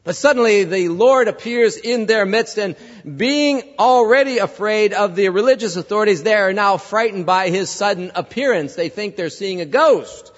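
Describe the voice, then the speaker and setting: A man's voice: high-pitched, moderate pace, long reverb tail, dull audio. A male pastor preaching a sermon, conversational, telling a story and asking the congregation questions. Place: church.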